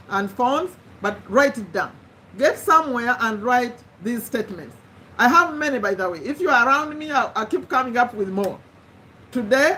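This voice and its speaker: Bright-voiced woman coaching encouragingly. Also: a little high, slight background noise. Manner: earnest and encouraging, repeats phrases with frequent restarts. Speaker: live-stream host. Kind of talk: motivational live-stream talk.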